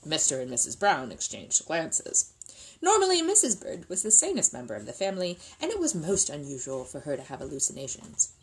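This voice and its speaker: A woman reading a children's book aloud in an expressive, lilting way. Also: low-pitched, fairly quick, low-quality recording. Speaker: reader.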